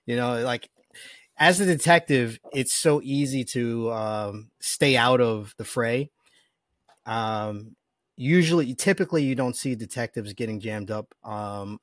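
A man, a detective who hosts the show, telling a story in a relaxed, casual way. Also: medium pitch, no room sound. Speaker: detective, podcast host. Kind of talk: casual podcast interview.

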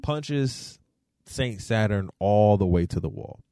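A man hosting a podcast, giving casual, slangy commentary that swings into animated rants. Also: lowish voice, slow, smooth, dry recording, studio quality. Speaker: podcast host.

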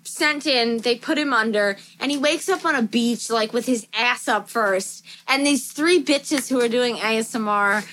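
A woman's voice: fairly high pitch, normal speed, hardly any pauses, fairly bright tone, low-quality recording. Crude, laughing podcast woman. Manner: crude, laughing, acts out characters' lines. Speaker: podcast co-host recapping a movie. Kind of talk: casual chat, retelling a film with quoted voices.

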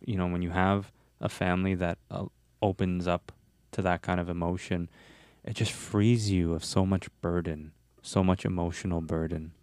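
A male host asking questions and reflecting in a measured way during an interview chat. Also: deep voice, little pitch movement, darkish tone, no room sound, clean studio sound.

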